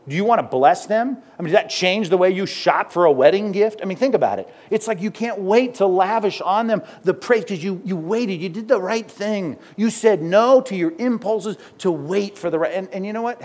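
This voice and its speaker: Male preacher with a high, light voice who talks his sermon like a chat, keeps asking the room questions. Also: lively intonation, fairly quick, few pauses. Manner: conversational, peppered with rhetorical questions and "right?"; chuckles now and then mid-sentence. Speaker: pastor.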